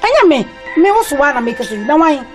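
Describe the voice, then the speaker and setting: A quarrelsome woman in a family dispute, talking fast in a high voice. Music plays clearly under the film soundtrack. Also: big pitch swings. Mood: arguing. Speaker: actor in a film drama. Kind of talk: film drama dialogue.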